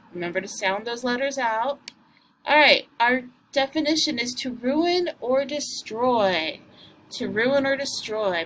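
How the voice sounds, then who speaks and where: A woman teacher giving a recorded vocabulary lesson to students, speaking patiently and encouragingly and sounding words out slowly. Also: on the high side, a bit bright, slight background noise.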